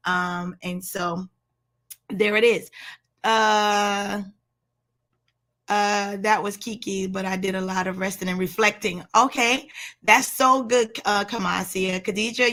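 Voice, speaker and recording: A woman's voice: mid-range voice, fairly even intonation, unhurried. A woman in her thirties chatting casually to viewers on a livestream from home, pastor's wife with a loose, um-filled manner. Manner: chatty, warm address to viewers, frequent ums. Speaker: women's ministry leader, pastor's wife.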